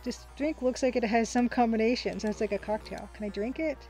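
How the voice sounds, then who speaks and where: A woman with a fairly high but mellow voice gives casual gameplay commentary, reading on-screen text aloud and laughing often. Soft game music plays faintly underneath. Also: brisk, poor audio. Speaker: let's play host.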